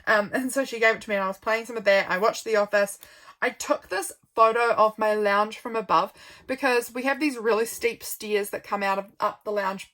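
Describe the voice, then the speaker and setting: With a mid-range, fairly bright voice, a young woman talks casually over her journal. She's tired, so she rambles some and stops often to yawn, while keeping a friendly tone.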